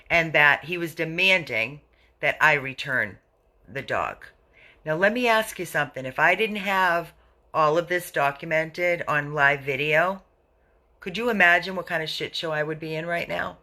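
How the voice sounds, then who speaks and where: A woman's voice: low-pitched, normal speed, pushed and bright. A woman who runs an animal rescue, talking on a live video to viewers, answering their comments indignantly and repeating herself.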